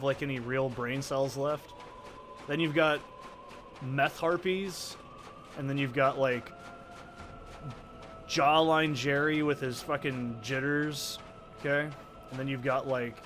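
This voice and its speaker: A man's voice: fairly high pitch, fairly bright tone, a little hiss or hum. A man from Oregon with an Oregon accent, giving casual, rambling gameplay commentary full of swearing and off-topic tangents. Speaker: let's play gamer. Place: soundproofed corner at home. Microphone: desk condenser mic with pop filter.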